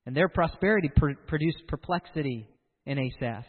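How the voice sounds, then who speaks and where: A man preaching a sermon in an animated way, acting out the voices of the people he quotes. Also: high-pitched, brisk, in a large hall, narrow, tinny audio.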